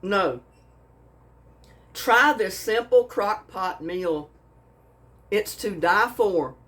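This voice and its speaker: A woman's voice: medium pitch, expressive, very slow, a bit bright. Folksy woman cooking vlogger. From Texas. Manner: folksy, gushing, says y'all a lot. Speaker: cooking channel host. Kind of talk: casual cooking vlog, taste-testing.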